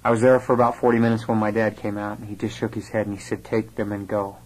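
A young man with a fairly low voice tells a personal testimony in an earnest way. He carries the story through remembered conversations, quoting each person as he goes. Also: little pitch movement, quick pace, poor audio. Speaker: speaker telling his conversion story.

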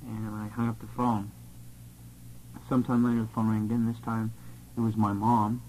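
Low, flat-voiced man telling his story. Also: fairly quick, a little hiss or hum, rough recording. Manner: earnest, steady, plain-spoken. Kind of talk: personal testimony storytelling.

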